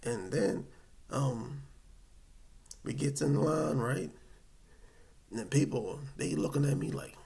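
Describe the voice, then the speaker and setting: A man telling a personal story to camera in a casual, animated, rambling way. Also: mid-range voice, takes it slowly, gravelly, long pauses. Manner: animated, colloquial, rambling with restarts.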